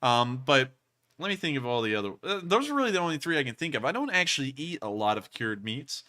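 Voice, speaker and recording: A man's voice: medium pitch, fast. A man hosting a livestream, chatting casually and rambling as he answers donations. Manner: rambling, lively, frequent fillers and restarts. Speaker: livestream show host.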